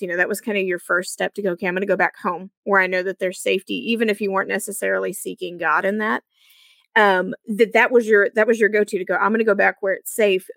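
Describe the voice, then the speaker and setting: A woman's voice: medium pitch, creaky, a bit bright, dry recording, clean studio sound. A woman hosting a faith podcast, reflecting back on her guest's story in a casual interview chat. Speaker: podcast host.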